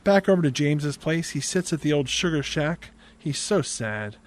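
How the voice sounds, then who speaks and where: A man's voice: on the high side, expressive, moderate pace. A tired man hosting a podcast, casually recapping a film's plot with dry, wry asides. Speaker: podcast host.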